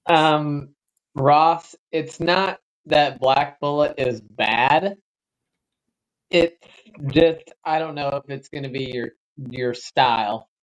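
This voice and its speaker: A man co-hosts a livestream, chatting casually as he games and telling rambling anecdotes with cautious recommendations. His voice is a little high and his pace slow, on a rough recording.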